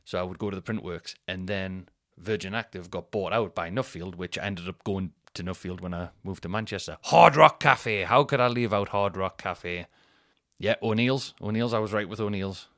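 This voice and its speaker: A man in his thirties from North East England hosts a casual solo podcast, rambling, swearing and thinking out loud. His voice sits low at a normal speed, captured in clean studio sound with no echo.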